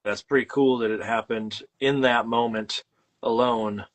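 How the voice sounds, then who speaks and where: A man's voice: medium pitch, fairly even intonation, a little slow. A man with a mid-range voice hosts a casual conversation. He often stalls on "uh" and "um" while he searches for the right words. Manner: hesitant, searches for words with many "uh" and "um". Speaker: podcast host. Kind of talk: casual chat.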